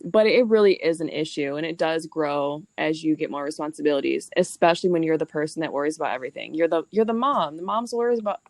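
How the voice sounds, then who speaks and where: A young woman hosting a casual chat, blunt and quick to laugh, swearing freely as she talks. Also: sits low, darkish tone, no echo. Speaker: podcast host.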